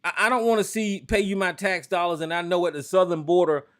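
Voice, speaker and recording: A man hosting a call-in talk show from the United States, ranting hotly with lots of cursing, then dropping into a slower, lower drawl. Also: fairly even intonation. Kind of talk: profane political rant and call-in talk.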